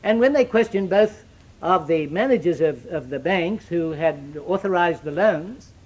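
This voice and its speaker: Man, high-pitched, preacher, emphatic sermon, loud-to-hushed swings, scriptural cadence. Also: animated, measured pace. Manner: emphatic, dramatic swings from loud declarations to hushed solemn asides; old-fashioned scriptural cadence.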